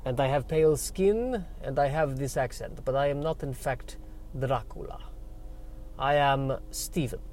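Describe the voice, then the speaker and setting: Man doing a sulky, threatening vampire barista with a fake Eastern European-style accent, slow and grave. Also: mid-range voice, a little mellow, a little hiss or hum. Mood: brooding. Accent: put-on vague Eastern European style. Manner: slow, grave, menacing delivery. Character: brooding male vampire barista, touchy and threatening.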